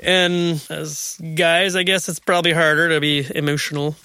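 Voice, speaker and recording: Man, middle-aged, father, casual faith chat, rambling storyteller, bright tone, dry recording. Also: on the high side, steady tone, moderate pace, clean tone, no room sound. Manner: rambling, storytelling with acted quotes and laughs. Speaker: father sharing parenting stories.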